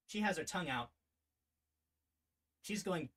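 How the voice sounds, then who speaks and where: Brief: young-sounding male streamer, quick casual reading, bright tone, faint background music. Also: a little high, expressive. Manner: offhand asides while reading. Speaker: streamer reading a visual novel.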